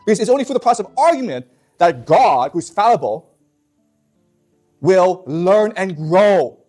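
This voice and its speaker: A man's voice: high-pitched, big pitch swings, a little slow, a little mellow, soft background music. A man teaching a class in an emphatic way, often stopping to check that his students follow. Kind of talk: classroom lecture.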